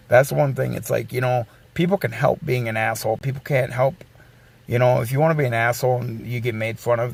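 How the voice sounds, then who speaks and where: A man's voice: mid-range voice, gravelly, darkish tone. A man in his forties, a streamer, ranting bluntly and casually, swearing and circling back with restarts. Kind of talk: casual rant.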